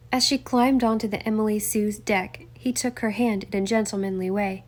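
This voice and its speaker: Woman narrating a story evenly. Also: medium pitch. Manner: even, measured storytelling. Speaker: audiobook narrator. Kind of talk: scripted narration.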